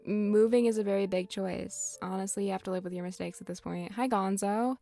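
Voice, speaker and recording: A woman's voice: mid-range voice, steady tone, normal speed, few pauses, warm tone, soft background music. A woman doing casual, rambling gameplay commentary with sarcastic, dramatic asides. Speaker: gaming YouTuber.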